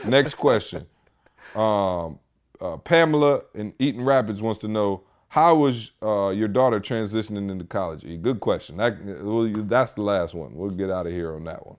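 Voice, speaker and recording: A man's voice: on the low side, animated, moderate pace, a little mellow. A man hosting a podcast, ranting in joking exasperation before moving on to listener questions. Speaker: podcast host. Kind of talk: casual chat.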